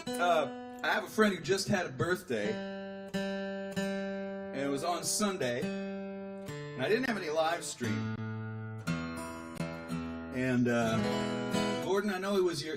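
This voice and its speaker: A man hosts a casual live stream from home, talking loosely with his viewers between songs. He rambles and pokes fun at himself as he answers their comments. Guitar strings ring clearly in the background. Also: fairly high pitch. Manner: rambling, self-deprecating, reads viewer comments aloud. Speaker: singer-songwriter hosting a live stream. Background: acoustic guitar playing.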